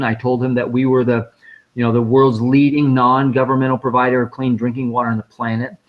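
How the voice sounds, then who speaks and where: A man at a mid-range pitch tells a personal story to a live stream audience. He talks in a casual, lively way and acts out bits of dialogue. The sound is a little muffled, like lo-fi stream audio. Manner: conversational, vivid retelling with quoted dialogue. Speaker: guest speaker at a fundraising live stream.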